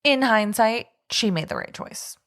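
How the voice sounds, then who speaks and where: A woman's voice: fairly high pitch, lively intonation, measured pace, fairly bright tone. A young woman co-hosting a podcast, chatting casually, laughing often and sharing fun facts. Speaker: podcast co-host.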